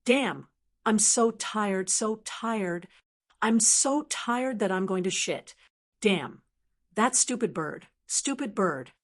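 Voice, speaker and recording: A woman voicing a foul-mouthed, whiny male talking blackbird in an audiobook, with a sharp voice and a constant stream of complaints and curses. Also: medium pitch, lively intonation, slow. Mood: exhausted. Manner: cursing and complaining. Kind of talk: audiobook character reading.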